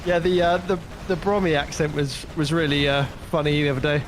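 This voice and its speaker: A man co-casting a strategy game tournament, talking in a relaxed, somewhat hesitant way and laughing along. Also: a little high, brisk, background noise. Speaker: co-caster. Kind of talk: casual esports commentary.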